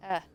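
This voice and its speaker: A woman's voice: bright, forceful tone, a little hiss or hum. A woman streaming a video game live, chatting casually to herself and her viewers and laughing often. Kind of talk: casual live gameplay commentary.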